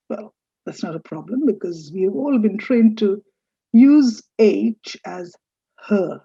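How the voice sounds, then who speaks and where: A woman teaching a French lesson, speaking slowly and patiently and repeating words for learners to copy. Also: mid-range voice, mellow, husky, no room sound. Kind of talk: recorded language lesson. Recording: dull lo-fi dry recording.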